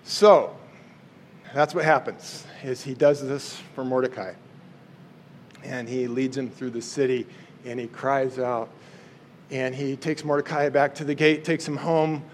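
A man casually retelling a Bible story in a playful, chatty way. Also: on the high side. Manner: playful, chatty, acts out quotes.

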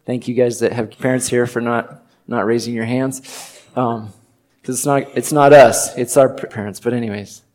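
A man's voice: medium pitch, steady tone, normal speed, darkish tone. A middle-aged man preaching a sermon, telling personal stories in an earnest, conversational way with occasional joking asides. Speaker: pastor.

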